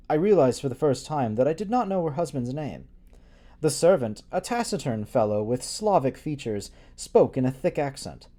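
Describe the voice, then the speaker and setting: A man's voice: mid-range voice, big pitch swings, a little fast, dark tone. A man reading a gothic novella aloud on a livestream, playful and prone to swearing asides and giggling breaks. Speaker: reader streaming a book reading.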